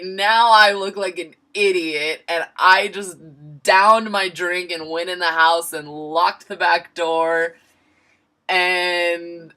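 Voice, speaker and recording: Young woman vlogging, bright voice, slow easy delivery, kinda self-mocking. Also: lowish voice. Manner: candid, self-mocking, acts out her own lines. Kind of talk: casual storytelling.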